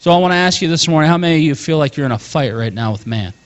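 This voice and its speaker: High-voiced animated male preacher. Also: racing, highs cut off. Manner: animated, calls out to congregation, chuckles often. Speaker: pastor. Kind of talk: sermon.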